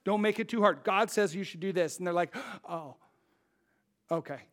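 A pastor in his thirties preaches a sermon in a strikingly high voice. He's animated and conversational, frequently dropping into quick impressions of the people in his stories.

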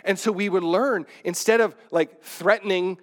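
Middle-aged pastor guy preaching, chatty and rambly, kinda high voice. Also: normal speed. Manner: conversational, digressive preaching with restarts. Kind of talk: sermon.

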